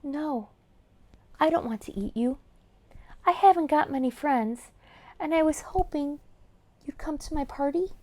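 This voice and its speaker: Woman playing a big lonely troll-ogre, storybook, gentle, shy, lilting. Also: high-pitched, very animated, moderate pace.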